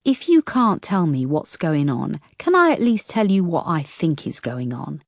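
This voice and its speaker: A woman's voice: deep voice, sing-song, unhurried, gravelly, dry recording, pitched above the performer's own voice, heavily acted. A woman narrator voicing a blunt, wisecracking female detective who talks frankly and teases her boss. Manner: frank, teasing.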